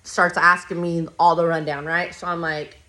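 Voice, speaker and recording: Woman podcast host, bright and forceful, slightly low-pitched, swears freely, rambles through a story. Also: flat delivery, normal speed. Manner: blunt, profane, rambling retelling. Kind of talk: casual personal storytelling.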